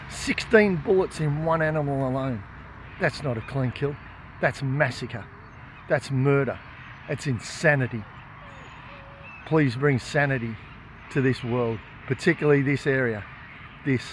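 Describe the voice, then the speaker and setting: A man's voice: mid-range voice, a little hiss or hum. An Australian man, an activist filming himself, speaking in an impassioned, defiant way and raising his voice to make his points. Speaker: animal rights activist. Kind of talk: impassioned filmed monologue and confrontation. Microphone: phone camera held by speaker.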